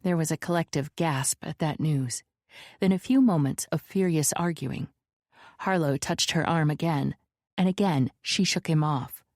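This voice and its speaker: A woman narrating an audiobook in a measured, even storytelling manner, close to the mic. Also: deep voice, dry recording. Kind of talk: scripted narration.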